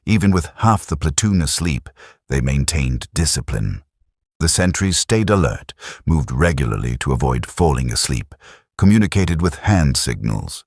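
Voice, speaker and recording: Deep husky male narrator for a war story, steady, animated inflection, dry close recording. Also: dry recording.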